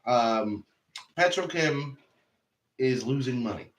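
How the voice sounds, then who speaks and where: A man's voice: mid-range voice, slow, slight background noise. A man running a tabletop game, chatting loosely and telling stories about it, swearing freely. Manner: animated, swearing storyteller. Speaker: game master. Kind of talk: casual chat after a tabletop game. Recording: roomy, distant mic.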